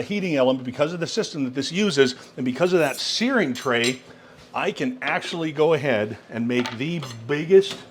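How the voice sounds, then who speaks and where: A man's voice: mid-range voice, slight background noise. A man presenting a countertop cooker in a product demo, exclaiming with enthusiasm over the food. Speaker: product demonstrator.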